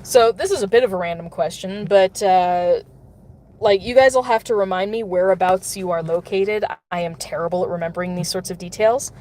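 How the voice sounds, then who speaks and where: A chatty woman with a voice of ordinary pitch, talking to her viewers while she plays a game in a parked car. She giggles often and talks loosely. Faint car noise runs underneath. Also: a little fast, darkish tone. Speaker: mobile game streamer. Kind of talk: casual live-stream chat while playing. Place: in a car, pulling over.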